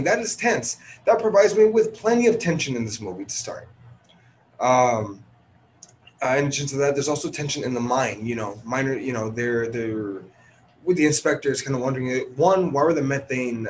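A man's voice: medium pitch, slight background noise. A man hosting a podcast and giving a casual movie review, chatty and a bit tired, with lots of ums and restarts. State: tired, early morning. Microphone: headphone podcast recording.

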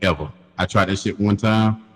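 A man telling a crude story in casual chat, laughing often and animated. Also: on the low side, moderate pace, long reverb tail, poor audio.

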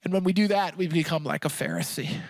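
A man's voice: on the high side, fast talker, gravelly, no echo. A man pastor preaching a sermon with passion, often restarting and stammering as he presses his points.

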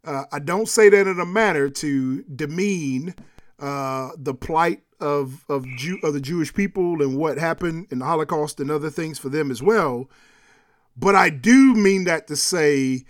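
A man with a high voice talking through sports and culture in a loose, casual way. He is animated, laughs easily and circles back over his own words as he makes a point. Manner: animated, laughs often, repeats himself when making a point. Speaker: podcast co-host.

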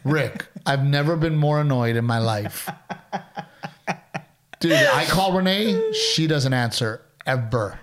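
A man in his thirties co-hosting a casual chat, telling animated stories and dropping dude and bro. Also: a little high, slow. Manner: animated storyteller, mocking impressions, says dude and bro. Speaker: podcast co-host.

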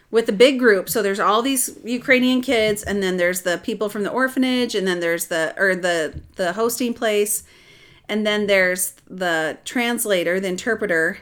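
A middle-aged woman telling a personal story in casual chat, animated and rambling, with restarts. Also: medium pitch. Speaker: adoptive mother telling her story.

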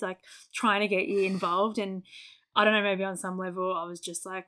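A young adult woman in a relaxed podcast chat, speaking with a mid-range pitch. She talks openly, laughs often and replays her own remarks in quoted bits. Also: a little fast. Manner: candid, laughs often, acts out her own past words. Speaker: podcast co-host. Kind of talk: casual chat.

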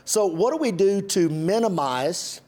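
Animated man preaching in a reverberant hall. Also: high voice, unhurried. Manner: animated storytelling, self-teasing. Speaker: pastor. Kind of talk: sermon with spouse.

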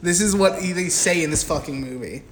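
A man's voice: high voice, moderate pace. A man co-hosting a podcast, recapping a film casually with lots of swearing and silly acted-out dialogue. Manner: crude, rambling, acts out film dialogue in silly voices. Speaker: podcast co-host. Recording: echoey room with noise.

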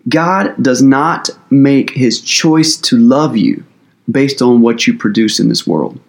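A man's voice: medium pitch, slow pace, creaky. A man preaching as pastor in a conversational sermon, earnest and casual, with loose phrasing and plenty of fillers.

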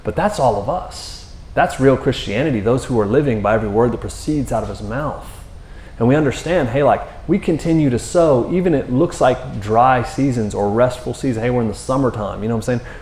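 A man's voice: medium pitch, animated, fairly quick, a little mellow, a little hiss or hum. A male pastor preaching in a loose, conversational way, often tossing in "man" and "you know.". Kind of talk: sermon. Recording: echoey room.

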